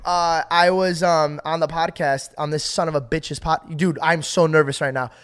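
A man in his twenties co-hosting a podcast, chatting casually in a rambling, excitable way, full of fillers and quick to laugh. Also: a little high, slight background noise. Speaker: podcast co-host. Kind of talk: casual chat.

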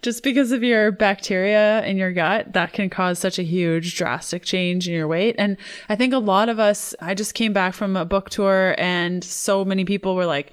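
A young adult woman hosting a podcast, enthusiastic and quick to laugh. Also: medium pitch, steady tone, clean tone. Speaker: podcast host. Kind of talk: podcast interview.

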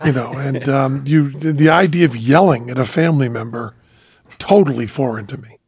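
A middle-aged man hosting a podcast, speaking in a halting, mild way with dry quips. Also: medium pitch, a little mellow. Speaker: podcast host. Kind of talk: casual interview chat.

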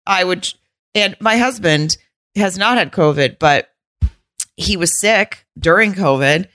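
A woman's voice: on the low side, unhurried, a bit bright, no room sound, clean studio sound. A woman from the Southern United States co-hosting a podcast, blunt and rambling in casual chat. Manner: blunt, rambling, swears freely. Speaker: podcast co-host.

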